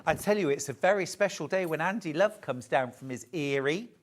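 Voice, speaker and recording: Low-voiced British woman, middle-aged, chatty live shopping-channel host. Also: animated, fairly quick. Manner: chatty, gushing over fabrics.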